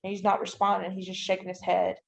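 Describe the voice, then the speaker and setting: A woman's voice: medium pitch, monotone, fast talker, creaky, a little hiss or hum. A woman guest on a podcast, giving a detailed personal account and often using "you know" and "I'm like". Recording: dull, lo-fi audio.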